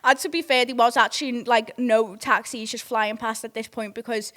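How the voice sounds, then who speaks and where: Girl in her 20s ranting a story on her podcast, kinda high voice, swears loads. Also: moderate pace. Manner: sweary, rambling, excitable retelling. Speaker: podcast host. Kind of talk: casual storytelling.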